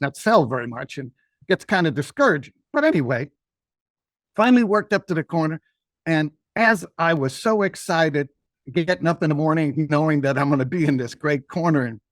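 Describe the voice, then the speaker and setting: A man's voice: a little high, a bit bright, no room sound, clean studio sound. An older man telling a personal story in a rambling, folksy way as a podcast guest.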